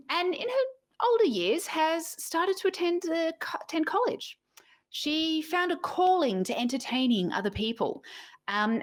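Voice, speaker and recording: Bubbly, lively woman introducing her character. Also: high voice. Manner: bubbly, animated storytelling. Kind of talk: casual livestream chat.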